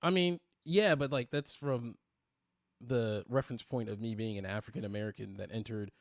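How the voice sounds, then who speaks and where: A young man in his twenties chatting on his own livestream, talking in loose, rambling runs with plenty of swearing and fillers. His voice sits at an ordinary pitch for a man. The sound is dry and close, with no room around it. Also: normal speed, dry recording. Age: 20s. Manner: rambling, profane, many fillers and restarts. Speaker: streamer host. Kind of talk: casual livestream chat.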